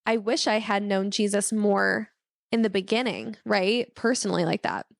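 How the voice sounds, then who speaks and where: A woman's voice: mid-range voice, normal speed, vocal fry, no room sound, clean studio sound. A young woman hosting her own podcast, sharing a personal faith testimony in an earnest, heartfelt way with frequent fillers and restarts. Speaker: podcast host.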